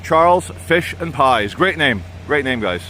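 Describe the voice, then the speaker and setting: A man's voice: mid-range voice, animated, measured pace, bright, forceful tone. A man from Brazil with a British upbringing, chatting casually and opinionatedly while walking through a town. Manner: chatty, rambling, opinionated, self-correcting. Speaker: vlogger. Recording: outdoor street noise.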